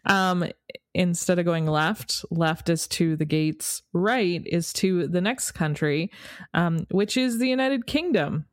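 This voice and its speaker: A woman's voice: fairly low pitch, dry recording, clean studio sound. A woman co-hosting a podcast, chatting in an easygoing way and laughing at herself. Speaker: podcast co-host. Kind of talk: casual chat.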